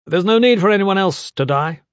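A man voicing a commanding, ruthless male warlord who shouts his commands, raised in pitch, in a dry recording. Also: animated, normal speed, no echo. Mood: roaring.

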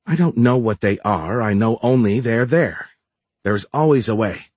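A blunt, scornful woman from the south, as a male narrator reads her, firing back sharp, challenging retorts. The voice sits low and husky. The sound is close and dry. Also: lively intonation, unhurried, no room sound.

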